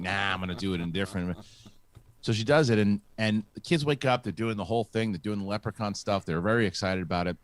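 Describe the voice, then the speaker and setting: A middle-aged man hosts a casual talk show in a fairly low voice. He tells stories in a halting, rambling way, full of restarts and repeated words. The sound is dry and close. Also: no room sound. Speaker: host. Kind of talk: casual chat.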